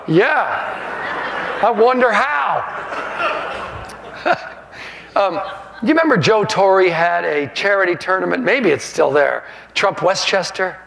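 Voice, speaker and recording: An older man tells animated stories to an audience, acting out the voices of the people he quotes. His voice sits high and swings widely in pitch, with a gravelly edge. The sound rings with long hall reverb. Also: measured pace, pauses often. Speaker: author telling stories. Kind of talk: storytelling to an audience.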